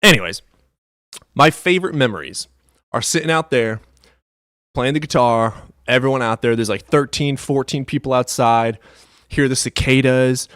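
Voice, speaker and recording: Midwest dude streaming, swears a lot, pitch jumps all over, dry close sound. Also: male voice, no room sound. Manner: profane, animated, swings between loud outbursts and low mutters. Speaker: live streamer. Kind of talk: casual livestream chat.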